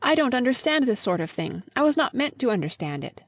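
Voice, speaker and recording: A woman's voice: a little high, very animated, brisk, no echo, pitched above the performer's own voice. A woman reading the part of a proper young Englishwoman in an audiobook, agitated and exclaiming.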